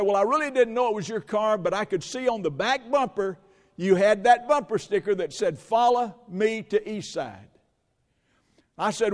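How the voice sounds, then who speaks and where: A man's voice: high-pitched, big-room sound. A male pastor preaching a sermon, telling stories with quoted dialogue before moving into scripture.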